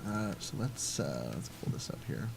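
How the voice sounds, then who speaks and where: A man's voice: sits low, very animated, moderate pace, gravelly, a little hiss or hum. Rambling man narrating a strategy game. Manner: rambling, thinking aloud with many fillers. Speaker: let's play host. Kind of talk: casual gameplay commentary.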